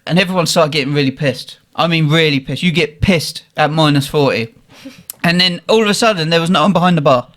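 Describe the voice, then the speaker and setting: A young man, animated and swearing as he tells a funny story in casual chat. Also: fairly high pitch, brisk. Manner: animated, swearing, laughing at his own story. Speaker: guest telling a story.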